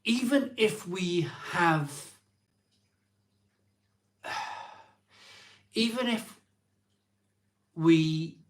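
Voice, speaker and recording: A man in his forties rambles through a live stream, slow and halting and full of ums and restarts. His voice sits a little high for a man, and he drags out his words. It sounds like casual, emotional chat into a phone. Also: fairly bright tone. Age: 40s.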